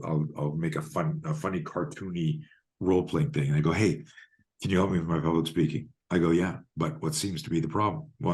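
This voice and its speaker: A man in his fifties, a fear and self-defense coach, telling stories in a podcast interview and acting out both sides of the conversations. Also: low voice. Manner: animated storyteller acting out dialogues.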